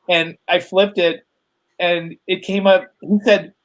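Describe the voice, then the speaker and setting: A middle-aged man with a slightly high voice tells loose, rambling stories as a guest. He talks through a video call, full of fillers and little laughs. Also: measured pace, low-quality recording. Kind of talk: casual storytelling chat.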